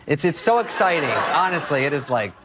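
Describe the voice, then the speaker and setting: A man guest on a talk show, telling a story sarcastically and slipping into quick impressions of other people. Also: fairly high pitch, sing-song, a crowd in the background. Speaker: guest comedian. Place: television studio. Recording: studio audience and noise behind.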